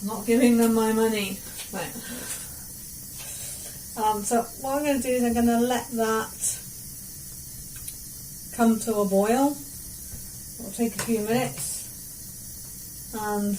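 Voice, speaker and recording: A woman's voice: mid-range voice, flat delivery, slow, pauses often, mellow, slight background noise, low-quality recording. A woman chatting casually as she films a cooking video in her home kitchen, rambling into self-deprecating asides. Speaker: vlogger.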